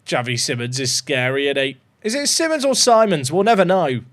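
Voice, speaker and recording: A young gaming YouTuber chats and jokes his way through a football management game at a brisk pace. His high voice swings widely in pitch, and he bursts into loud, excited shouting.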